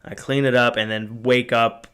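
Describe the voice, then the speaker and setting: A man's voice: medium pitch, little pitch movement, moderate pace, fairly bright tone, clean tone. A man in his twenties hosting a podcast, telling a story in a casual, rambling way, with frequent swearing, fillers and restarts. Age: 20s. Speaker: podcast host.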